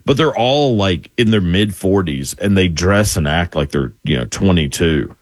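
Low-voiced man, chatty and enthusiastic. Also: lively intonation, normal speed, no room sound, clean studio sound. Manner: enthusiastic, lots of likes and you-knows. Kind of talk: casual chat.

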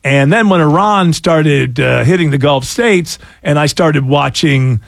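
Rambly radio host guy, kinda raspy, lots of uhs, dry close mic. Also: fairly high pitch, unhurried, no echo. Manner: rambling, self-mocking, with many fillers. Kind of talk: casual talk radio banter.

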